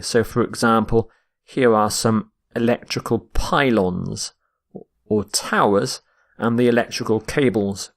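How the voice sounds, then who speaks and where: A man teaching English vocabulary, explaining words slowly and modelling their pronunciation and stress. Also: medium pitch. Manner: slow and deliberate, models pronunciation. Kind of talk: vocabulary lesson.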